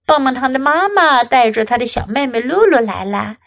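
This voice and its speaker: A woman English teacher reading a picture book aloud slowly and clearly, then leading practice sentences. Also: high voice, lively intonation, a bit bright. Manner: slow, careful reading with repeated practice sentences.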